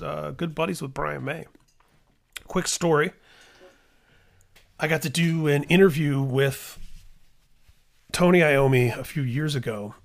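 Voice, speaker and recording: A man's voice: a little high, gravelly. A middle-aged man hosting a podcast, telling a story in a casual, enthusiastic way with restarts and laughter. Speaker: podcast host.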